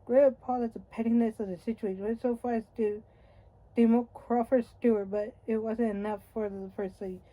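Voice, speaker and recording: A woman's voice: fairly high pitch, fairly even intonation, a little fast, dark tone, poor audio. A woman reading a nonfiction history book aloud, wry and conversational with occasional slips and restarts. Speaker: audiobook reader.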